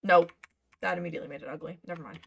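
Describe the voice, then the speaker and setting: A woman's voice: fairly low pitch, fairly even intonation, racing, gravelly, husky. A woman streaming her cosplay patterning work, chatting casually and muttering to herself as she works. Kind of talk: casual live-stream chat while working.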